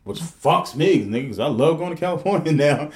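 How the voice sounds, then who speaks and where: A man's voice: fairly high pitch, fairly quick. Profane, rambling man on a podcast. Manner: profane, animated storytelling with rambling restarts. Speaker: podcast host. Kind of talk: casual podcast chat.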